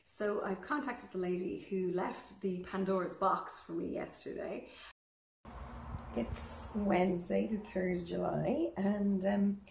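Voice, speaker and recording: A woman's voice: mid-range voice, steady tone, gravelly, a little mellow, slight background noise. Woman vlogging from her garden, slightly breathless, chatty with lots of ums, roomy echo on the audio. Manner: chatty and unhurried, with many ums. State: slightly out of breath from physical work. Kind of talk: casual chat to camera while working. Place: outdoors in a garden.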